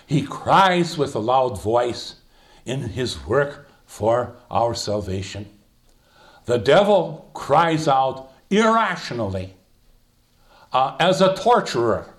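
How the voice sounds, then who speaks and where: A man's voice: medium pitch, sing-song, slow pace. An older man leading an informal Bible study, thinking aloud with many fillers and restarts as he explains a passage. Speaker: Bible teacher.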